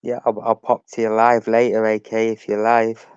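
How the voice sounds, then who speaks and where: Flat, smooth-voiced male stream host. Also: lowish voice, moderate pace, no echo, muffled recording. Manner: chatty, greets viewers by name. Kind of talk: casual live-stream chat.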